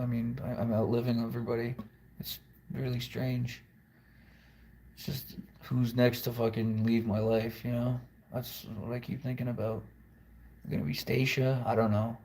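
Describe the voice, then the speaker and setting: A man with a gravelly, fry-edged voice at an ordinary middle pitch talks in a loose confessional ramble. He is blunt and profane and drifts from one thought to the next. It sounds like one long unscripted video monologue. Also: mellow, slight background noise. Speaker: musician vlogger.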